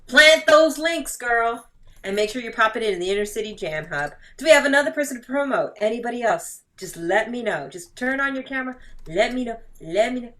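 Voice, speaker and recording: A woman emceeing an online improv show, briskly and cheerfully cueing the next speaker. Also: on the high side, animated. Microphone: video call.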